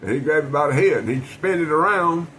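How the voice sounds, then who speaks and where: A man's voice: on the high side, lively intonation, quick pace, a bit bright, a little hiss or hum, low-quality recording. A man talking casually to camera about his knife collection, rambling and folksy, with frequent restarts. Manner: folksy, rambling storyteller with many restarts and fillers.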